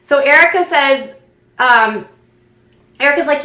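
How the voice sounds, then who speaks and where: A woman hosting a reality TV recap, retelling scenes in an animated, opinionated, gossipy way with lots of fillers. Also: medium pitch, fairly quick, roomy sound. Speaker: commentary channel host.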